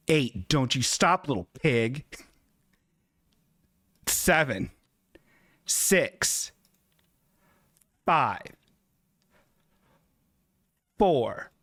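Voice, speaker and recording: A man co-hosting a comedy podcast, halting and sarcastic, stumbling over his words. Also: medium pitch, fairly bright tone, no room sound, clean studio sound. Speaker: podcast co-host.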